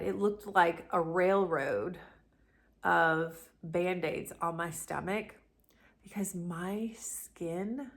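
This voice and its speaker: A woman's voice: fairly low pitch, fairly bright tone. A woman, telling a personal story to camera in a chatty, rambling way. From Southern United States. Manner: chatty, rambling, addresses viewers as y'all. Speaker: vlogger, channel host.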